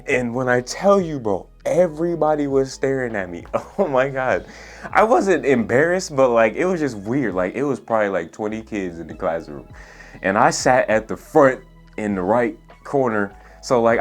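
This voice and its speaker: A young man in his twenties telling a story in a casual, laid-back way, using lots of slang and filler words, with a soft, soothing voice. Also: mid-range voice, lively intonation, moderate pace, faint music behind. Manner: laid-back, profane slang, says "bro" and "like" a lot. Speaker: storytelling vlogger. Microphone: USB studio microphone.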